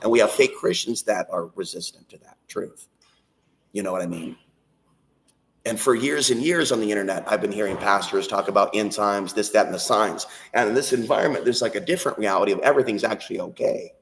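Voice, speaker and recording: A man's voice: on the low side, a little fast, a little hiss or hum. A man delivering an intense, rambling spiritual monologue and prayer on his own channel, swearing freely. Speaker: channel host. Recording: echoey.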